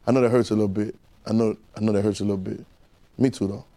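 A man preaching a sermon, firing rhetorical questions at the congregation and swinging between loud exclamations and quiet asides. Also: on the low side, steady tone, fast talker.

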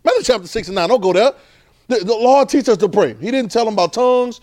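Male preacher with a high voice, casual and animated delivery, repeats himself for emphasis. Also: quick pace. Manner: animated, repeats phrases, swings between loud and soft. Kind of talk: informal conversational sermon.

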